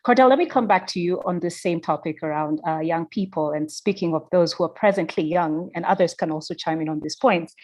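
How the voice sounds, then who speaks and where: A woman with a fairly low voice moderates an online panel over a video call. She frames her questions in full, articulate sentences and speaks at a measured pace. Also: darkish tone.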